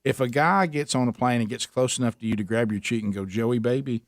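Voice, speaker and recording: Talk radio host, middle-pitched man, casual incredulous banter, dry close studio mic. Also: brisk, dry recording. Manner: conversational, incredulous, restarts and repeats.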